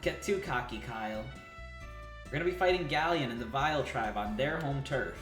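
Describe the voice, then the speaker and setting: A man voicing a sharp-tongued young female sorceress, reading game dialogue on stream. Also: medium pitch, moderate pace, roomy sound, over music, natural voice.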